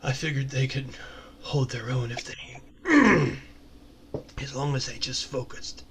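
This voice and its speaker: A man voicing a modest warrior mentor in a low, halting, plain-spoken way for a tabletop game. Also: expressive, background noise.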